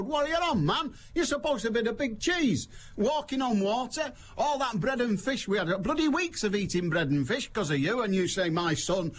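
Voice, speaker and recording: A man's voice: very high-pitched, fairly bright tone, voice pushed up, exaggerated voice. A man voicing a group of scornful, working-class male disciples who heckle in disbelief. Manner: incredulous, heckling.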